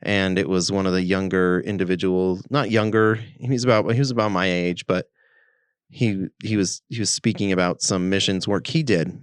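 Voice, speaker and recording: Lively storytelling man, low voice. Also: moderate pace, smooth, no echo, studio quality. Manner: animated, acts out quoted speech. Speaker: podcast co-host. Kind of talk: casual storytelling chat.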